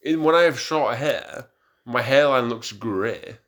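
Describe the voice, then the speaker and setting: A man's voice: mid-range voice, slow pace, fairly bright tone. A young man co-hosting a podcast in casual chat, tipsy from drinking and rambling with stumbling restarts. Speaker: podcast co-host.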